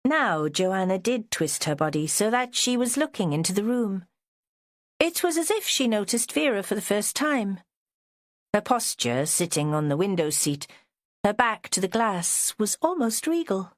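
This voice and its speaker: A woman narrating a crime novel audiobook in an expressive storytelling manner. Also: mid-range voice, a little slow, dry recording, studio quality. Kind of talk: scripted narration.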